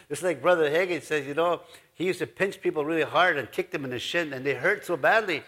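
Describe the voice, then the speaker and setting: A man's voice: on the high side, fairly quick, sharp tone. A man pastor giving a folksy, rambling sermon in his church, full of asides. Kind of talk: conversational sermon.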